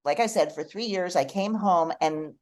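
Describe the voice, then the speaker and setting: A middle-aged woman, a guest on a podcast, telling personal stories in a heartfelt, expressive way. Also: fairly low pitch, moderate pace. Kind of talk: casual podcast conversation.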